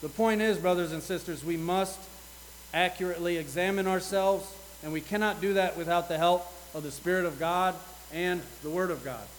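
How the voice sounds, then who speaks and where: A man's voice: sits high, steady tone, moderate pace, slight background noise, low-quality recording. A man preaching a sermon, earnest, reading scripture aloud with rising intensity.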